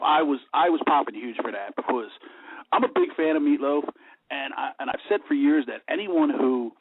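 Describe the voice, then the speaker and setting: A man's voice: fairly high pitch, breathy edge, dry recording. A male radio host asking questions eagerly and stumbling over repeated words. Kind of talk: casual radio interview. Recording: dry phone-like radio audio.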